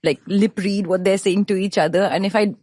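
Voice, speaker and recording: A woman's voice: medium pitch, a little fast, no echo, clean studio sound. A woman in her thirties, a podcast guest in casual conversation, telling stories animatedly and acting out the voices of the people she quotes. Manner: animated storyteller who acts out quoted voices and laughs often.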